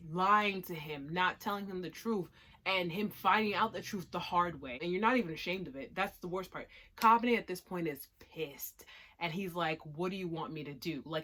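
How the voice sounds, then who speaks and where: Woman host, casual review chat, emphatic and expressive, mid-pitched voice. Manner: expressive, emphatic, swings from hushed to loud. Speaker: anime reviewer.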